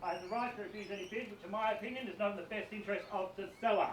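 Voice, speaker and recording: Man, high voice, auctioneer reading contract terms, distant roomy recording. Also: very fast, a little hiss or hum. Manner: projecting, reads out contract terms. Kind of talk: formal auction address. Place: outdoors at a house auction. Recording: distant and roomy, picked up from afar.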